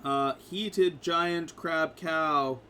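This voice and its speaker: A man narrating a tabletop game as game master, in a casual, halting way with fillers. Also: a little high, pushed and bright, a little hiss or hum.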